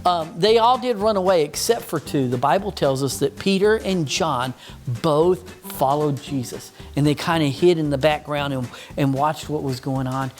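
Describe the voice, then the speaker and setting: A man teaching children a Bible story, patient and mock-stern with a puppet that keeps interrupting. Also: fairly high pitch.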